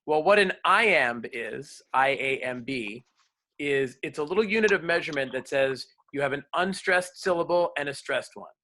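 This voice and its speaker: A man teaching a class on verse, lively, explaining and quizzing his students. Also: on the high side, normal speed. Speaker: drama teacher. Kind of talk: classroom lecture.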